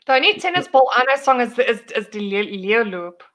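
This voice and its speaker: A woman's voice: on the high side, expressive, fairly quick, fairly bright tone. A woman hosting a casual livestream chat, giggly and teasing. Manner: giggly, teasing, laughs often. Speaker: streamer host.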